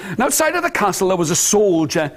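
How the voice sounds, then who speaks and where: Animated male storyteller for toddlers. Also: high voice, fast. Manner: animated, coaxing children to join in. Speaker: children's storyteller. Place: nursery school room.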